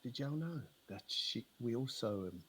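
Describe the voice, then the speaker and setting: A man voicing a shifty Tudor conman who talks in a conspiratorial, wheedling, folksy way, with a husky voice. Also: mid-range voice, expressive, normal speed.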